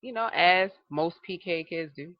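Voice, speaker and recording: A woman's voice: on the low side, unhurried, dry recording. Chatty woman podcast co-host, dull dry sound. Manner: animated storytelling, laughs often, acts out quotes. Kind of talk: casual chat.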